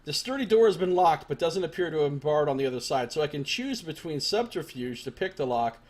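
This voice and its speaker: A man giving casual, chatty commentary while streaming a video game, thinking out loud as he plays. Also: a little high, animated, fairly quick. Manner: chatty, thinks aloud, reads game text.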